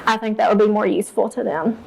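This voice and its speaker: A woman's voice: mid-range voice, fast talker, vocal fry, background noise. A woman teacher walking fellow teachers through her reading lessons, explaining each step plainly and modeling read-alouds. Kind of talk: teacher training talk.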